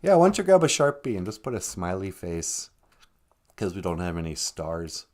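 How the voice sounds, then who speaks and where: A man's voice: low voice, sing-song, moderate pace, darkish tone. A man hosting a podcast in casual, jokey chat, teasing his co-host and greeting listeners. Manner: jokey, teasing, calls people sweetie.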